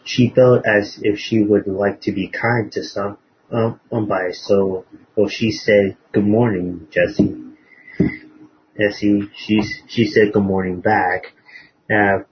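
Husky man telling a sermon story. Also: lowish voice. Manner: halting, many fillers and restarts. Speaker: preacher. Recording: dull lo-fi recording.

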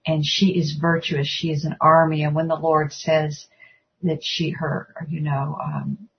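A woman's voice: sits low, flat delivery, measured pace, gravelly, breathy edge. A woman in a religious discussion, reflecting aloud on scripture in a musing way, on a dull lo-fi recording. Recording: dull lo-fi sound.

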